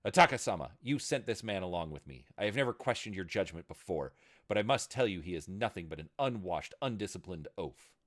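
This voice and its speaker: A man voicing a proud, loyal young woman samurai who commands with a booming voice. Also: sing-song, fairly quick, few pauses, fairly bright tone, heavily acted. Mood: furious. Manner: commanding, booming when angry.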